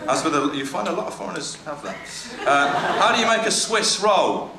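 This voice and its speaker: Male stand-up, slightly high voice, deadpan and hesitant, echoey venue with noise behind. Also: fairly quick. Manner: hesitant, dry, lots of ums and trailing asides. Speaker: stand-up comedian reading jokes. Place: comedy venue stage. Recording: echoey room with background noise. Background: audience laughter.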